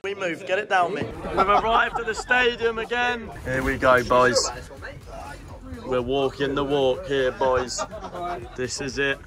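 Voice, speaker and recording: A man's voice: on the high side, fairly even intonation, measured pace, crowd noise. A young man vlogging a charity football match, jokey and chatty and calling his viewers "boys". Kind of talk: casual vlog to camera. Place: outdoors at a football stadium.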